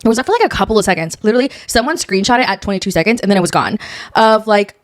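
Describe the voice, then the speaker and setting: A woman's voice: mid-range voice, expressive, racing, no room sound, clean studio sound. A young woman co-hosting a podcast, chatting casually and animatedly, swearing freely as she dishes gossip. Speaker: podcast co-host. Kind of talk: casual chat.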